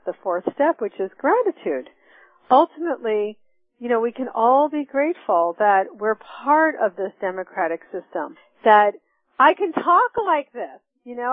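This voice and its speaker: A woman's voice: on the high side, dry recording. A middle-aged woman teaching a class on forgiveness, earnest and reflective, walking through steps with personal examples. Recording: tinny phone-line sound, dry.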